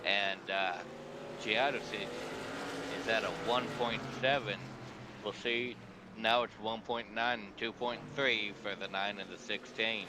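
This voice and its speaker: A man as color commentator in a race broadcast, talking haltingly with many restarts. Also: fairly low pitch, steady tone, background noise.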